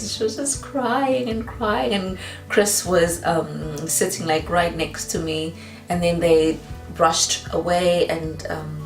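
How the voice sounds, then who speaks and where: Slow, soft-spoken woman telling a story. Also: fairly low pitch, creaky. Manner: slow, hesitant, with many pauses and fillers. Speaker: vlogger. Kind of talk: emotional storytime vlog. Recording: roomy echo, a bit off the mic, faint music.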